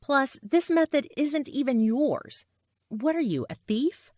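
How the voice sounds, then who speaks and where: A woman's voice: high-pitched, lively intonation, slow pace, darkish tone, no room sound, studio quality, pitched above the performer's own voice. A woman voicing a jeering evil inner voice. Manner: mocking, scolding.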